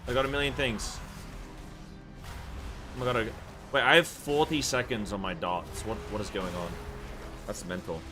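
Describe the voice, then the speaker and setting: A man's voice: lowish voice, normal speed, long pauses, over music. A man streaming a game, out of breath, chatting casually with viewers and exclaiming at what happens on screen. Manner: excitable, exclaims at the game, talks to chat. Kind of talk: casual live-stream chat while gaming.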